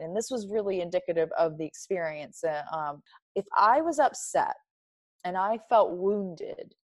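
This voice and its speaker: A woman's voice: mid-range voice, darkish tone, no echo, clean studio sound. A woman speaking candidly as an interview guest, reflective and emphatic, often laughing. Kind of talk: candid personal conversation.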